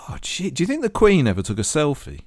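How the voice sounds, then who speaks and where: A man's voice: fairly high pitch, huge pitch swings, quick pace, no echo, clean studio sound. Ranting, swearing man. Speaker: podcast co-host. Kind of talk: casual comedic chat.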